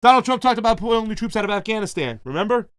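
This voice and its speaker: A man's voice: high voice, expressive, rapid-fire, a bit bright, clear, resonant tone, no echo, studio quality. A man hosting a casual political commentary show, talking informally and animatedly to his viewers.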